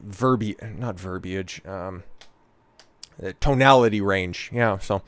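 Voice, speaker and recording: A man's voice: sits low, takes it slowly, clean tone, no echo. A man hosting a live stream, giving casual, sarcastic, profane commentary on a clip.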